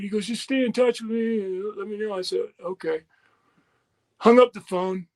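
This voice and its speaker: A man's voice: high-pitched, moderate pace. A middle-aged man, a former wrestler, candidly telling a story in an interview, swearing freely and acting out the quoted dialogue. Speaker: retired wrestler guest.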